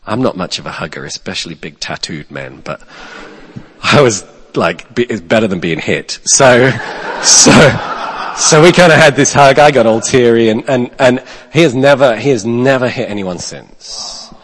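Male pastor, storytelling sermon: animated, loud-to-hushed swings, restarts; big reverberant church hall. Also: mid-range voice, moderate pace. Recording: long reverb of a large hall.

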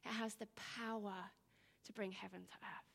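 A woman in her thirties giving an informal, rambling talk, telling stories with bursts of animation and hushed asides. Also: medium pitch, level tone, normal speed, creaky, big-room sound. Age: 30s.

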